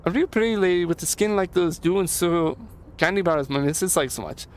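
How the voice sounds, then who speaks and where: Man putting on a chatty irish dockhand, high eager voice, folksy, keeps repeating himself. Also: brisk, lightly acted. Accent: put-on Irish. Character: cheerful chatty male dockworker, eager to please. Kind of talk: reading game dialogue aloud in voices.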